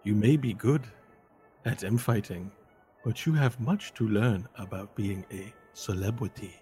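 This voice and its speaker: A man's voice: lowish voice, measured pace, mellow, soft background music, natural voice. A man voicing a smug male halfling competitor who talks down to his opponent. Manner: smug, condescending.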